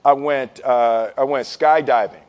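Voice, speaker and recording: A man telling a story to listeners, animated and laughing, acting out the voices of the people in it. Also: mid-range voice, unhurried, clear, resonant tone. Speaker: speaker. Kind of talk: storytelling talk.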